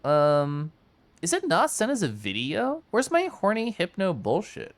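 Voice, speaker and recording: A young man streaming a game, chatting casually with his viewers in a flowing, animated monologue and laughing often. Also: sits high, measured pace. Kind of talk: casual live-stream chat while gaming.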